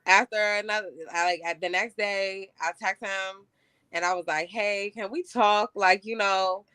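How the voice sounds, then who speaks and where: Candid young woman, bright and dry. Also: mid-range voice, steady tone, measured pace, smooth, no echo. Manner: candid, casual, frequent "like" and "you know". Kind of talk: casual chat.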